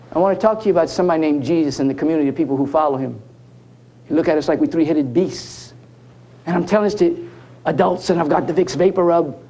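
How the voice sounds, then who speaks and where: A keynote speaker in a conference hall, a man with a high, mellow voice, tells jokey stories and addresses the audience directly.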